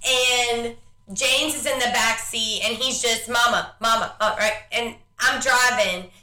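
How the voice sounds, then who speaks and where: A woman's voice: a little high, steady tone, slow pace, bright, forceful tone, echoey room. A young woman co-hosting a casual podcast, venting about her kids with plenty of laughs and swearing. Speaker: podcast co-host. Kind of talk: casual chat.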